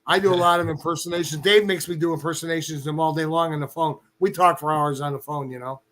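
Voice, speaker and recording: A talkative man hosting a podcast with a folksy way of speaking. His voice is quite high for a man. He runs the show in a relaxed way. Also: fast. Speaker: podcast host. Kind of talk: casual podcast chat.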